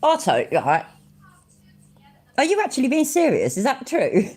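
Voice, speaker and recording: A woman's voice: high voice, huge pitch swings, a little slow, darkish tone, breathy edge. A woman in her forties, chatting bluntly and swearing as she reacts to clips. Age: 40s. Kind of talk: casual reaction chat.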